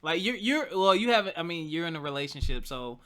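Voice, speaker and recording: A man hosting a casual podcast who interjects and laughs easily. His voice is fairly high and bright. His pitch swings widely. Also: sing-song, fast, slight background noise. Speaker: podcast host. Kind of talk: casual conversation.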